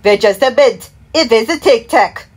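A woman's voice: on the high side, lively intonation, moderate pace, breathy edge. A woman recreating a TV commercial break by herself, rambling through slogans and product names in slurred, half-mumbled words and humming the jingles as "da da". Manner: hums and sings jingles in "da da" syllables.

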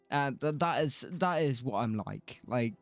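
A man streaming a building game, rambling casually, swearing freely and laughing often. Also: mid-range voice. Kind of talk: casual livestream commentary while gaming.

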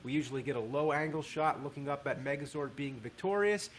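A man giving a casual, animated spoken review of a TV show, swearing freely as he talks. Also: mid-range voice, fairly quick, a little hiss or hum.

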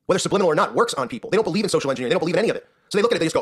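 A man's voice: high voice, animated, rapid-fire, few pauses, a bit bright, slightly rough. A man hosting his own commentary show, ranting in an indignant, sarcastic way and often tagging lines with "right?".

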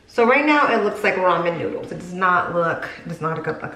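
In an echoey room at home, the young vlogger rambles through a hair tutorial, casually making fun of herself. She speaks fairly quickly in a lowish voice that sounds pushed and bright, and there's a little hiss or hum on the recording.

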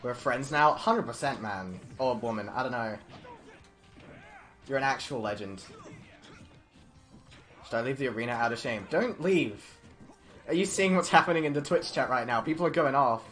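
A young man giving excited, stammering live commentary on his game stream, laughing often. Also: mid-range voice, normal speed, long pauses, faint music behind.

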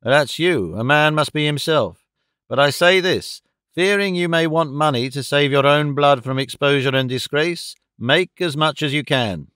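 A man reading the part of a blunt, energetic male rent collector who speaks in short, emphatic bursts. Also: a little high, a little slow, smooth, dry recording, studio quality. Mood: urgent.

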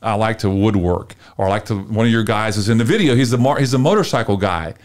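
A man's voice: on the low side, quick pace. Middle-aged guy on a podcast, tells stories all fired up, acts out the dialogue. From Texas. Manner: lively, emotional storyteller, often acts out dialogue. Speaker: marketing consultant guest. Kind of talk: animated storytelling in a podcast interview.

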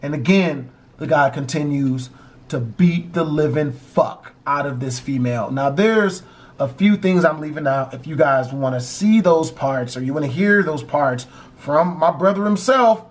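A man's voice: fairly high pitch, a little slow. A man telling a dramatic true story in a profane, emphatic vlog style.

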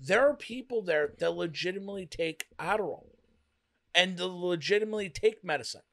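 A talkative man with a high, light voice co-hosts a casual reaction chat. He talks quickly and gets worked up, tumbling from one point to the next. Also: vocal fry. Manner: fast, chatty, excitable. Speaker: co-host.

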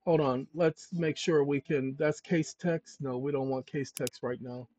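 On a dull, dry lo-fi recording, a man hosting a channel speaks with a steady tone at a measured pace, his voice on the high side. He explains legal procedure emphatically and conversationally, thinks aloud over documents, and addresses viewers as ladies and gentlemen.

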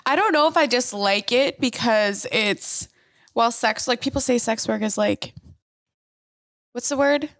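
A young woman co-hosting a podcast, chatting casually with crude jokes and lively storytelling. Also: on the high side, measured pace, no echo. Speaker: podcast co-host. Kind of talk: casual chat.

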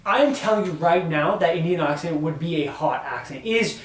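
A man's voice: a little high, lively intonation, normal speed. Earnest young man, roomy distant sound. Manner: earnest, building arguments with many fillers. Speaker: discussion co-host. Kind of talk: casual discussion on camera.

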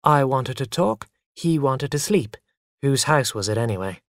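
A man reading a storybook aloud in an expressive, animated way, his pitch moving widely through each line. The sound is close and dry, with no room around it. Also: normal speed, dry recording. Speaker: narrator. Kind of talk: scripted story narration.

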